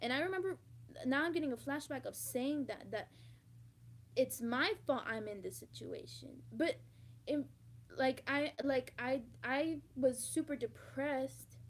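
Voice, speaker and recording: High-voiced young woman, rambling confessional vlog. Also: animated, measured pace. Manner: rambling, swears freely, bursts into loud emphatic repetition. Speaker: vlogger.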